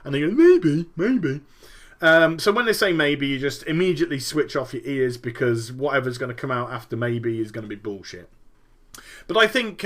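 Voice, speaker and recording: A man talking about games in a lively, rambling rant, swearing freely as he spins out his theories. His voice is bright and forceful, and his pitch swings widely as he builds each point. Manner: animated, swearing, vivid storytelling. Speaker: gaming podcast host. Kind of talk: animated solo commentary.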